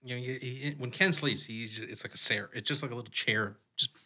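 A young man and podcast co-host telling stories in casual chat, animated and often laughing. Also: medium pitch, a little fast, noisy background. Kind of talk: casual storytelling.

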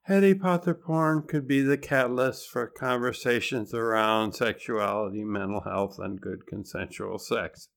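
A man's voice: mid-range voice, unhurried, gravelly, few pauses. A man hosting a podcast, narrating in a conversational way with dry, wry humor. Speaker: podcast host.

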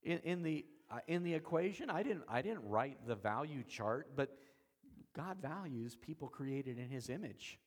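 A man preaching an expository sermon, shifting from soft, slow lines to loud emphatic ones, with folksy, self-deprecating asides. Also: mid-range voice, animated. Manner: dramatic swings between soft and emphatic, slows on key words. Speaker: pastor.

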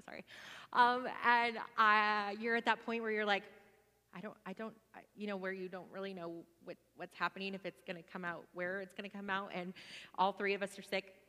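A woman in her forties telling a personal testimony to a church gathering in a chatty, animated way, with many fillers. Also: medium pitch, big-room sound.

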